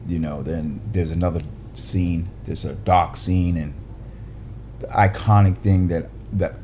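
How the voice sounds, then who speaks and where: A man with a fairly low voice tells a story as a podcast guest, lively and animated. He jumps up in pitch to act out the people in his anecdote. A faint hiss sits under the recording. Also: measured pace. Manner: lively, acts out other people's lines with big pitch jumps. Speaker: podcast guest, actor and director.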